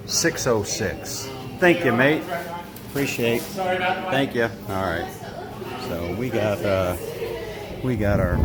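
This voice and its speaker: An American man, middle-aged, rambling in a folksy vlog as he films himself outside a takeaway shop at night on a phone camera. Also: low voice. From United States. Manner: rambling, folksy, restarts phrases often. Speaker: travel vlogger. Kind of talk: casual walk-and-talk vlog. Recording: outdoor street noise behind. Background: traffic and street ambience.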